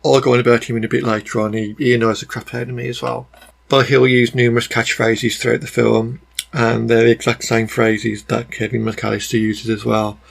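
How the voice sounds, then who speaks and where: A man with a broad Black Country accent and a gravelly, creaky voice at a middling pitch. He talks bluntly and casually, piling up ums and exasperated asides as he rambles through a film review. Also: little pitch movement, fairly quick.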